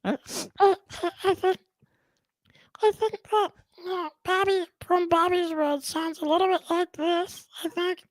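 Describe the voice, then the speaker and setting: A man putting on the high, throaty voice of a cartoon little boy, rambling and repeating his words. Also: fairly even intonation, measured pace, dry recording, rough recording. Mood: chatty. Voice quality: throaty, strained. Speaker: host.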